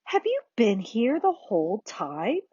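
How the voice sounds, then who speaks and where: A woman's voice: on the high side, huge pitch swings, takes it slowly, slightly rough, no echo, lo-fi sound, full character voice. A woman voicing a mother who coaxes her daughter to speak up, in a storybook reading. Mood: gentle. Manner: encouraging, louder.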